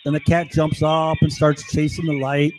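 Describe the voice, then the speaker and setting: A man's voice: on the high side, flat delivery, moderate pace, darkish tone, poor audio. A man delivering an agitated, rambling monologue to his camera, constantly asking "right?". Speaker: vlogger.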